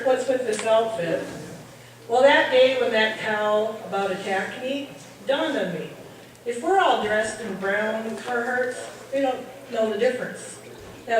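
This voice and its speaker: A middle-aged woman tells nursing stories as stand-up comedy, acting out the people in them. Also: fairly high pitch. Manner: animated, acts out voices of people in her stories. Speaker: nurse telling comic stories. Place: party hall, heard from far off. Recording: distant echoey hall recording with noise.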